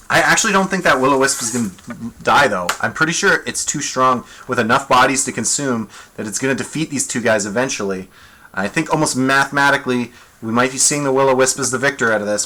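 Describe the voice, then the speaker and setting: A man running a tabletop monster fight on a live stream. His voice is bright and forward at a middling pitch. He talks casually and chattily, reasoning aloud about rules and rolls. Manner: thinking aloud, rolling dice and ruling on the fly; casual, chatty, self-amused. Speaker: game master.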